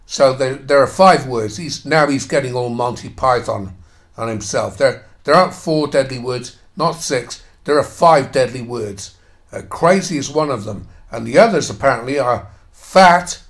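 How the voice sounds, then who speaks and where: Angry, sarcastic male commentator with a mid-range voice who swears constantly and tears into quoted passages. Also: medium pitch. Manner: reads quoted passages, then mocks them. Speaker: commentator reacting to an article. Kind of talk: ranting commentary on a read-aloud article.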